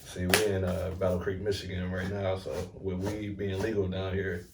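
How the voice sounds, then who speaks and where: A man hosting a casual interview, asking relaxed questions in slangy talk. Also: deep voice, moderate pace. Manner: relaxed, prompting questions with slang and short backchannels. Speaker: host. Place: room in Michigan, recorded from a distance. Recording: roomy echo, distant mic, faint noise.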